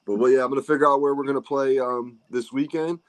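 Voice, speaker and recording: A man's voice: medium pitch, steady tone, quick pace. A man hosting a casual golf podcast, talking loosely with friends, swearing and laughing. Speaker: podcast host. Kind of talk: casual chat.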